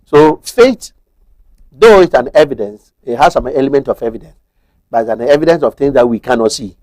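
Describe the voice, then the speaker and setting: A man's voice: medium pitch, expressive, a little fast, darkish tone, no room sound. Ghanaian male guest, methodical legal explainer, mid-range voice, dry studio sound. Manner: methodical, switches between Twi and English. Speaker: guest explaining marriage law. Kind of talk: explanatory TV talk-show discussion.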